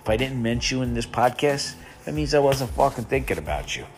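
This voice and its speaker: A man's voice: medium pitch, sing-song, a little fast, soft background music. A man hosting a podcast, rambling through a casual trash-talk monologue with constant profanity and mocking jabs. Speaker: podcast host.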